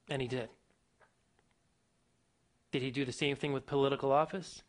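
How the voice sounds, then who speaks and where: A man's voice: mid-range voice, fairly even intonation, normal speed, pauses often. A man giving a motivational speech to an audience, emphatic and full of rhetorical questions and stories. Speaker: motivational speaker.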